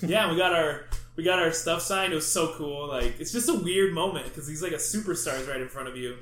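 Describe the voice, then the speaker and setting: A man's voice: on the high side, brisk, roomy sound, slight background noise. A young man telling a story in casual chat as a podcast co-host, acting out the quotes with animation. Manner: animated, acts out quotes loudly.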